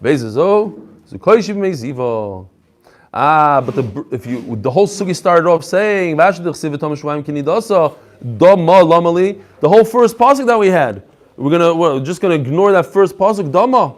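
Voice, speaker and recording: A man teaching a daily Talmud class to a live group in an animated lecture, asking rhetorical questions and mixing English with Hebrew and Aramaic terms. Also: on the high side, normal speed.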